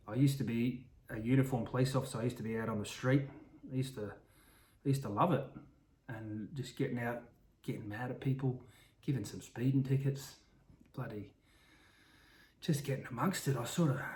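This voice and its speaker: A man's voice: medium pitch, warm tone. Rambling man telling an improvised story. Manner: rambling, full of restarts and asides. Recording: roomy echo.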